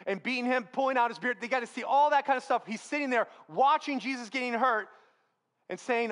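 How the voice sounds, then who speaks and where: A man preaching a sermon in a church, telling a Bible story with lively, acted-out dialogue. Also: very high-pitched, quick pace. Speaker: pastor.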